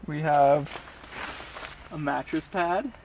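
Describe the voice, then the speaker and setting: A man chatting casually at a forest campsite, low-key and unhurried. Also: darkish tone, slight background noise, low-quality recording. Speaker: camping partner. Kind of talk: casual chat.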